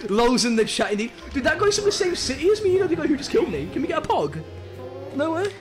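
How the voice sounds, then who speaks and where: A young man from Birmingham with a Birmingham accent, chatting excitably and in slang while streaming a game. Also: very high-pitched, quick pace, over music. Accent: Birmingham English. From Birmingham, England. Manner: excitable, slangy, many hums of agreement. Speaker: live streamer. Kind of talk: casual gaming stream chat.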